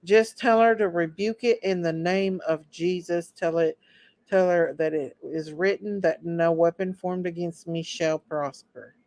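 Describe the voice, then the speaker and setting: A woman's voice: on the low side, unhurried, a little mellow, no echo. An older woman hosting a live chat, speaking with fervent, preacherly conviction. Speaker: livestream host.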